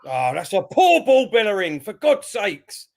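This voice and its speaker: A man gives a running call of the match during a fan stream. His voice sits high and swings widely. He groans and swears at missed chances. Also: wildly swooping pitch, unhurried. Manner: running commentary on the play, exasperated swearing. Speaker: fan channel co-host. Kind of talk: live football watch-along commentary.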